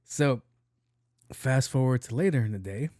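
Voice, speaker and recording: A man hosting a podcast, telling a comedic story in a casual, profane, animated way and acting out the dialogue. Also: medium pitch, moderate pace, no echo, studio quality. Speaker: podcast host.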